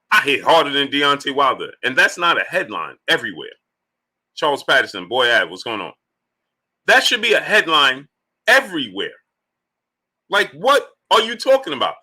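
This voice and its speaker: A man hosting a live stream, giving boxing commentary in lively bursts and greeting viewers by name from the chat. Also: on the high side. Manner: animated, greets viewers by name between points. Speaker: livestream host.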